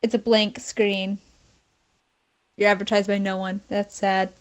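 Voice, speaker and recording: A woman's voice: mid-range voice, flat delivery, a little slow. A young woman, still a student, chatting playfully as a podcast guest and teasing the host. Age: young adult. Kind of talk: casual chat.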